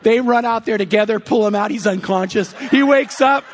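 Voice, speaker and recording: A man's voice: high-pitched, a little fast, noisy background. A male pastor preaching a sermon, telling a story animatedly and acting out the characters' lines. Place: church sanctuary. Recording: long reverb of a church hall.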